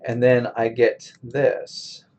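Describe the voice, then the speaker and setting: A man teaching a college English class in a recorded screencast lecture, explaining step by step in a slow, methodical way. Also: mid-range voice, monotone, darkish tone, slight background noise, low-quality recording.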